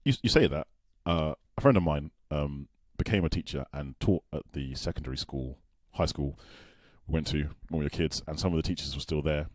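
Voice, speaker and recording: A man, chatting casually as a podcast host, animated and quick with asides. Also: extremely low pitch, dry recording, studio quality. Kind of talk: casual chat.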